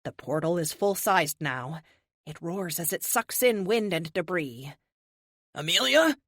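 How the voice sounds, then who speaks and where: Expressive woman narrating an audiobook. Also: on the low side, a little slow, no echo, studio quality. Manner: dramatic, expressive storytelling. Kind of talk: first-person scripted narration.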